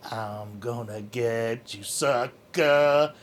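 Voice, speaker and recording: Man putting on a sneaky pet cat voice, low and slow, out for revenge. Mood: menacing. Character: scheming female pet cat, sneaky and vengeful.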